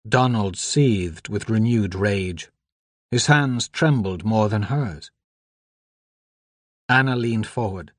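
With a lowish voice, a man narrates a novel for an audiobook, keeping his scripted delivery measured and even. There's no room sound, and the quality is studio-grade.

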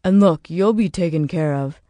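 A woman voicing a hesitant young man, a dutiful son, in a low, plain voice. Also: normal speed, dark tone, no room sound, close to an everyday voice.

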